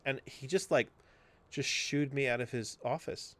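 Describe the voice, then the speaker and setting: A man's voice: mid-range voice, fairly quick, no room sound. A man co-hosting a podcast, telling a story in casual chat, acting out what others said and swearing freely. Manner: animated storytelling, swearing, acts out quoted voices. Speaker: podcast co-host.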